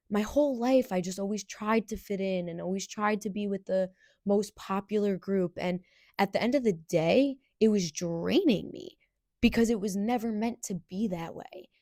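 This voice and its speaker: A young woman hosting a podcast, telling a personal story in an earnest, halting way with restarts. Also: medium pitch, dark tone, no echo, studio quality. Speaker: podcast host.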